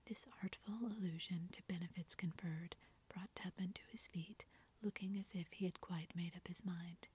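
A woman narrating a classic story in a soft, steady whispered role-play. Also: lowish voice, normal speed. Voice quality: breathy whisper.

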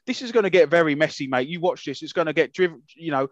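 A fired-up man with a fairly high voice rants about his views on a podcast, swearing and getting louder as he goes. His voice is dull and lo-fi, and the recording sounds dry and close. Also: fast talker, hardly any pauses, no echo. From England. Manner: passionate, indignant, swears freely. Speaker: podcast co-host. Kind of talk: heated casual podcast rant.

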